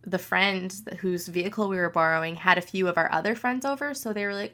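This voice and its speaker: Bright-voiced young woman telling a story. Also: fairly low pitch, fast talker, few pauses. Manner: animated, lots of "like". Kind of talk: casual chat.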